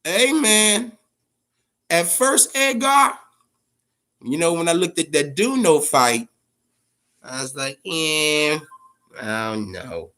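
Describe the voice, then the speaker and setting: A man hosting a boxing talk show, ranting in a profane, casual way, stammering and swinging between a low grumble and loud outbursts. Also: very animated, slow pace, long pauses. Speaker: boxing podcast host.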